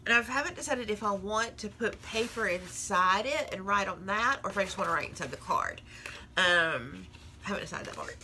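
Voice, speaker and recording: A woman's voice: medium pitch, expressive, a little fast, bright, forceful tone, slight background noise. A woman in a casual crafting vlog, chatting and rambling while she works, often laughing at herself. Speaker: crafting vlogger.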